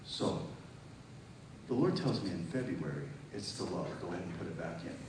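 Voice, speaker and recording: A man preaching a testimony sermon to a congregation. He tells his story vividly, acting out phone calls, and rises to loud, emphatic peaks. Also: low-pitched, animated, normal speed. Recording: distant echoey hall with noise.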